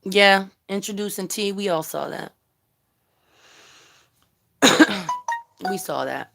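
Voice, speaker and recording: Over music, this woman's mid-range, gravelly voice moves slowly as she rants on a laid-back live stream. A YouTube commentary vlogger, she's blunt, heated and foul-mouthed, addressing her viewers directly.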